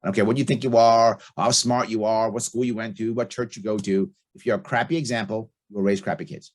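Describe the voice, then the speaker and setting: Middle-aged male podcast guest, quick and husky, blunt and emphatic, hammers his points home. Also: fairly low pitch, steady tone. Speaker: podcast guest, libertarian candidate. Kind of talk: casual podcast interview.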